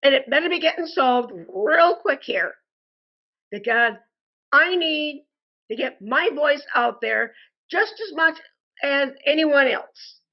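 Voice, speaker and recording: A frustrated woman delivering an indignant complaint monologue, speaking deliberately and calling her listeners "folks". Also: high-pitched, lively intonation, highs cut off. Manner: slow, deliberate and indignant, addresses viewers as "folks". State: frustrated and angry. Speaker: customer posting a complaint review.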